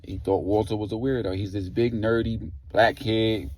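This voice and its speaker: A man's voice: fairly low pitch, fairly even intonation, normal speed, a little mellow. A man retelling a story in a casual, slangy way, leaning on "like" and "you know" as he goes. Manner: slangy, loose, heavy on filler "like".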